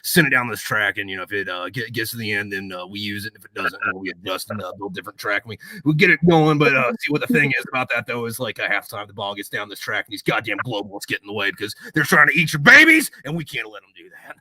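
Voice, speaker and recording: A man, a guest telling stories with profane, deadpan joking rants. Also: on the low side, fast talker, hardly any pauses, no room sound. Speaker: guest, veteran and video creator. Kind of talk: casual chat.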